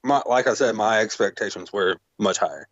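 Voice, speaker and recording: A man co-hosting a wrestling review podcast, laid-back and quick to swear and laugh in casual chat. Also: lowish voice, dry recording. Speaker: podcast co-host. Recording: dull lo-fi mic.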